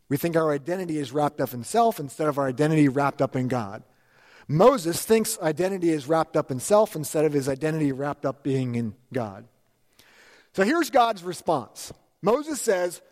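A man preaching a sermon to a congregation, lively and animated, acting out quoted lines with big jumps in his voice. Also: sits high, moderate pace, in a large hall. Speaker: pastor.

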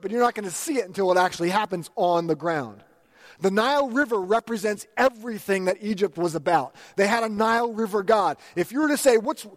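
A man preaching a sermon to a congregation, lively and animated, acting out quoted lines with big jumps in his voice. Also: high-pitched, long reverb tail. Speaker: pastor.

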